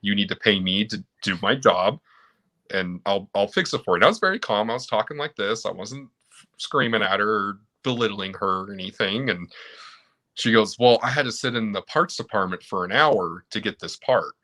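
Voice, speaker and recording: A man's voice: lowish voice, expressive, normal speed, bright, forceful tone. A man, a mobile car technician, chatting casually and telling work stories where he acts out both himself and his customers. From Utah. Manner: storytelling, acts out both sides of customer exchanges. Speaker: mobile automotive technician, guest. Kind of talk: casual chat.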